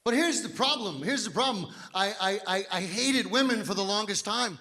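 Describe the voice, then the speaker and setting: A man in his fifties performing a stand-up comedy set, telling big, animated stories on a stage mic in a live hall. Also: sits high, normal speed. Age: 50s. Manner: big animated storytelling, drops to quiet voices for quoted doctor. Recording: live hall with audience laughter.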